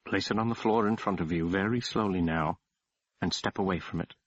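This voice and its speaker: A man voicing a stern, imperious male scientist who speaks in clipped, sharp tones, in an audiobook. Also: low-pitched, brisk, dull audio. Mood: quiet commanding. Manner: barking, clipped.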